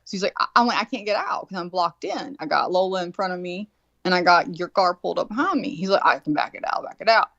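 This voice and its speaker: A woman's voice: lowish voice, quick pace, creaky, no echo. A woman in her forties telling a rambling story with lots of swearing, acting out what everyone said. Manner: profane, animated, acts out quotes. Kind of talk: casual storytelling. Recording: dull, dry lo-fi sound.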